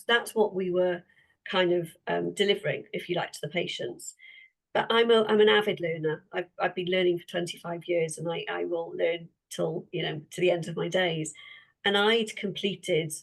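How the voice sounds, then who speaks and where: A woman with a Welsh accent, a therapist and interview guest, telling a story in a lively way and acting out the dialogue. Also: on the low side, creaky, rough recording. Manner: lively, acts out quoted dialogue.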